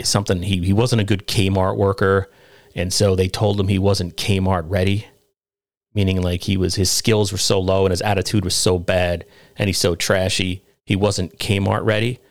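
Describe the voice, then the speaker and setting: Male podcast host, rambling commentary, incredulous rising rants, dry close sound. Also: no echo. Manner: rambling, climbs into incredulous high-pitched rants. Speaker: podcast host reviewing comedy.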